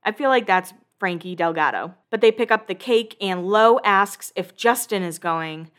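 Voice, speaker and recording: A chatty woman in her thirties rattles through a reality-show recap, full of gossip and animated asides. Her voice sits in a middle register and swings freely as she acts out quoted lines. She swears offhandedly and sounds like she is talking with friends. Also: mid-range voice, moderate pace.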